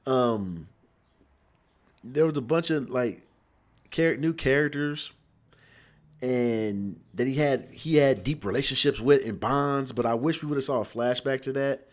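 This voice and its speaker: A man's voice: mid-range voice, lively intonation, measured pace, pauses often. A young man from Cincinnati reviewing a movie in a casual, rambling way, repeating words and acting out his friends' lines.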